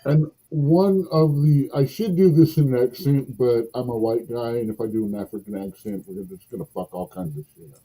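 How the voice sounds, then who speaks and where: A man's voice: medium pitch, moderate pace, few pauses, mellow, breathy edge, rough recording. A man in a casual podcast conversation, musing and rambling as he tells a folktale, with self-deprecating asides.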